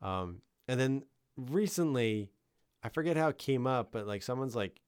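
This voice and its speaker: A man's voice: mid-range voice, animated, normal speed, clean tone, dry recording, studio quality. A man co-hosting a casual podcast chat, laid-back and swearing freely. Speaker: podcast co-host.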